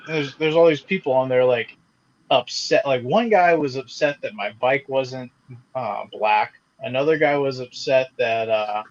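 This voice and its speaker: A man's voice: medium pitch, lo-fi sound. A man co-hosting a podcast, chatting casually and rambling, swearing freely and saying "like" a lot. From American South. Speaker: podcast co-host. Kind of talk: casual chat.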